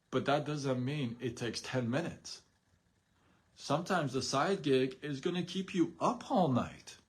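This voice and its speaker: A man hosting a live stream on side gigs, talking casually and motivationally, firing off rhetorical questions and acting out imagined quotes. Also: mid-range voice.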